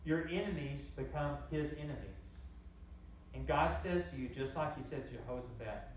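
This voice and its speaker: A man's voice: on the high side, normal speed, slight background noise. A male pastor delivers a sermon in a big, echoing church, his voice heard from well away from the microphone. He repeats key phrases and rises in emphasis on his points. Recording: echoey room heard from a distance.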